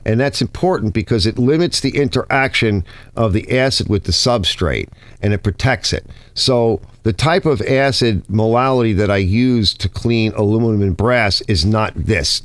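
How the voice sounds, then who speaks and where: Animated, blunt man talking shop. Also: medium pitch, no echo. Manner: blunt, animated, swears casually. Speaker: garage channel host. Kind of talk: casual hands-on shop talk. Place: home garage workbench. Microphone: close mic he sometimes bumps.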